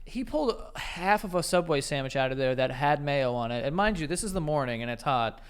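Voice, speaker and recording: A young man riffs in loose, profane chat as a podcast co-host. His voice sits a bit high and comes through smooth and clear. He rambles through his stories, piling on "like" and starting over mid-sentence. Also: lively intonation, fairly quick. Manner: rambling, profane storytelling with lots of "like". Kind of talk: casual chat.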